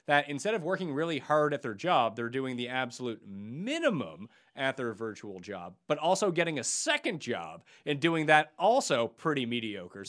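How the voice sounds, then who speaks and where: A man's voice: mid-range voice, fairly bright tone. A man hosting a casual chat who teases his co-host with dry humor. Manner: teasing, wry.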